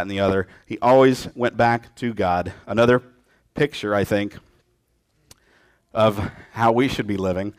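Animated male preacher acting out scripture. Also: medium pitch, no echo, clean studio sound. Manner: lively storytelling, acts out quotes in voices. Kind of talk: sermon.

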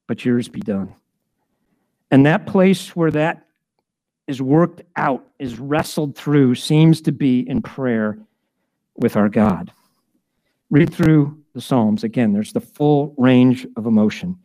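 A man's voice: mid-range voice, mellow, dry recording. A middle-aged man giving a conversational sermon, acting out prayers in shifting voices. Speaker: pastor.

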